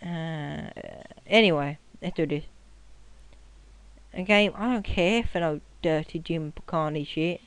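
A young man giving casual gameplay commentary at his computer, rowdy and swearing, often yelling at the game. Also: on the high side, measured pace, clean tone, dry recording. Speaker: gaming commentator.

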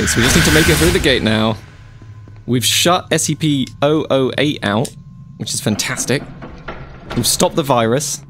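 A man's voice: mid-range voice, moderate pace, a bit bright, faint music behind. A man commentating his own gameplay, chatty and easily spooked, with panicked yelps and repeated phrases when scared. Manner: jumpy, panicky outbursts and yelps. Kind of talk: let's play commentary.

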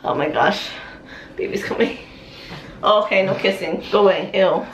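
A woman's voice: medium pitch, normal speed, very noisy. A pregnant woman vlogging casually at home, pleading and teasing in playful banter. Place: home living room.

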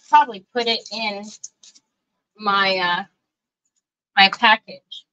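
A woman's voice: medium pitch, slow, pauses often, pushed and bright, lo-fi sound, a little hiss or hum. A woman, hosting a casual craft livestream in a chatty, folksy way and talking straight to her viewers. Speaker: craft show host.

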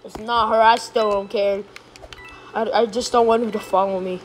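A woman streaming a game live, chatting casually and breaking into excited yelps when she is chased. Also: medium pitch, moderate pace, soft background music, rough recording. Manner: casual, says "bro" a lot. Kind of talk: live gameplay commentary.

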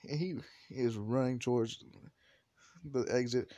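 A man's voice: medium pitch, measured pace, long pauses, a little mellow, no echo. Rambling young man telling a fan story. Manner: rambling, joking, many fillers. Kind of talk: casual improvised storytelling.

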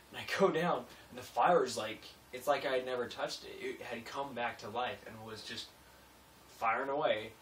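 Young dude rambling on a vlog, sits back from the cam mic, echoey room, some faint hiss. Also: male voice, medium pitch. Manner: rambling, self-mocking, jumps between mumbles and bursts. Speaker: vlogger. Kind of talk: casual vlog monologue. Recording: roomy echo, a bit distant from mic.

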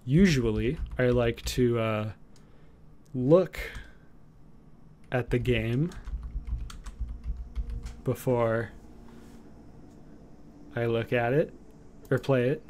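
A man streaming from home in casual chat, rambling with lots of fillers and cooing softly at his cat. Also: mid-range voice, takes it slowly, pauses often, slight background noise.

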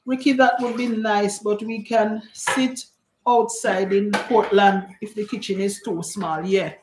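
A woman's voice: medium pitch, steady tone, a little slow, background noise. A woman hosting a live cooking stream, chatting and greeting viewers by name as she reads their comments. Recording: echoey room.

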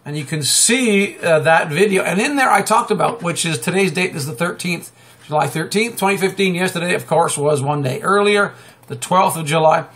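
Male live-stream host, middle-aged, high-pitched, talkative and excitable, restarts his sentences a lot. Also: moderate pace. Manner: excitable, chatty, many fillers and restarts, sudden high exclamations. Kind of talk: rambling political commentary monologue.

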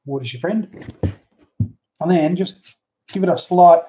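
A man giving a relaxed, chatty how-to while working on a hobby model at home, talking into a handheld camera. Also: high-pitched, a little slow. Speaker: hobby model builder, channel host. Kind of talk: casual how-to crafting chat. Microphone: handheld camera mic. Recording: dull lo-fi camera audio.

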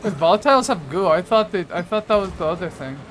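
A young man with a high voice chats through a co-op game and stumbles over his words in hectic moments. Faint game noise sits behind him. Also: lively intonation, fairly bright tone. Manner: chatty, stammers when rushed. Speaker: co-op gaming partner. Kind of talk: casual gameplay chat.

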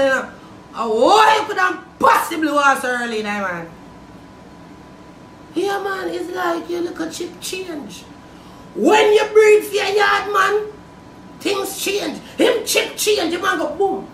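A woman with a Jamaican accent delivering a loud, profane comedic rant, often shouting. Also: very high voice, expressive, unhurried, pauses often, a little hiss or hum. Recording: roomy, distant from mic.

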